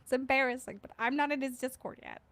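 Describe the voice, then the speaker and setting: Chatty woman streamer, bright voice. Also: sits high, a little fast. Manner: chatty, jokey, often laughing; reads viewer comments aloud and answers them. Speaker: livestream host. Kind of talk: casual chat with viewers.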